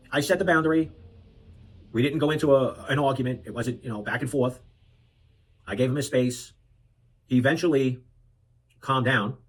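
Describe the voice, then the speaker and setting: Earnest man with a husky voice. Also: medium pitch, poor audio. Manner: earnest, with frequent restarts and rhetorical asides. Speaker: parenting vlogger. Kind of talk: reflective talk to camera.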